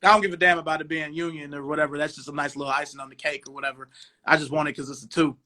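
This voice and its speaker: Bright-voiced man from Cleveland, mid-forties. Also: on the high side, rapid-fire. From Cleveland, USA. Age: 40s. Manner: relaxed, rambling, lots of "um" and "you know". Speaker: podcast host. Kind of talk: casual chat. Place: home dining room.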